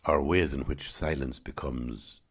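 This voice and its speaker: Man, podcast host, gentle musing meditative talk, gravelly, husky. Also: extremely low pitch, steady tone, unhurried. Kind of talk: reflective spiritual talk.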